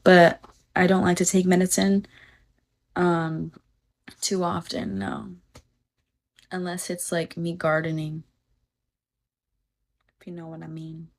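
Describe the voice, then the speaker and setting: A young woman with a slightly low voice chats on a phone livestream. She rambles off on tangents and swears without a second thought. She stops to read viewer comments aloud. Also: level tone, slow, pauses often. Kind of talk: casual livestream chat.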